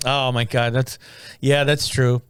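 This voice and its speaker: A man, a stand-up comic, chatting crudely on a podcast, laughing often and telling animated stories. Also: medium pitch, unhurried, smooth, dry recording, clean studio sound. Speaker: podcast co-host. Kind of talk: casual comedian chat.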